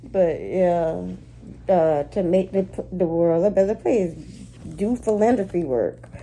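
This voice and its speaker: Woman host of a casual reading vlog; slow, candid and slangy delivery, deep dark timbre. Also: slight background noise, rough recording. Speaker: astrology and spiritual reading host.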